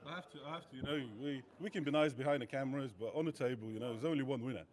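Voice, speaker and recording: A man's voice: medium pitch, very fast, darkish tone. Guy, cocky, broken english, swears a bunch. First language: Lithuanian. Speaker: fighter guest.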